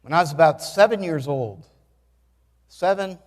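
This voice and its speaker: A man in his sixties preaching a sermon in a church, telling stories in an animated way with dry humor and bursts of loud exclamation. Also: fairly high pitch, moderate pace, long reverb tail. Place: church sanctuary.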